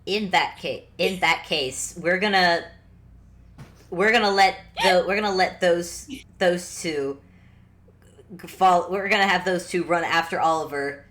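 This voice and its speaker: Low-voiced woman running a tabletop game. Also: unhurried, fairly bright tone. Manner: laid-back, hesitant narration. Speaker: game master. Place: at home.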